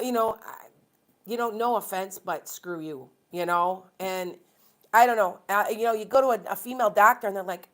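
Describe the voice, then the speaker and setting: A woman's voice: medium pitch, normal speed. A woman from Wisconsin, a tarot reader and medium, chatting casually and rambling through opinions to viewers on a live stream.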